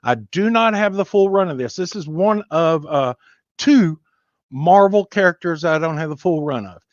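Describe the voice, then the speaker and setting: A man's voice: fairly high pitch, lively intonation, moderate pace, no room sound. Folksy man on a dull mic. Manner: rambling, folksy, chats to viewers. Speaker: comic book collector hosting a live stream. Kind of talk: casual live-stream show-and-tell. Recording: dull lo-fi dry sound.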